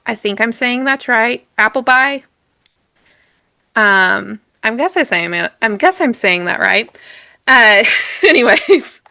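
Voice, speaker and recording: A woman's voice: a little high, bright, forceful tone, dry recording. A woman co-hosting a podcast, telling a story in a chatty way, laughing often and correcting herself. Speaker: podcast co-host. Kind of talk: casual storytelling chat.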